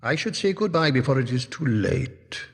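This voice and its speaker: An actor with a Welsh accent playing an aloof alien ruler who speaks calmly and formally. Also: male voice, medium pitch, normal speed, slightly rough, long reverb tail. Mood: refusing.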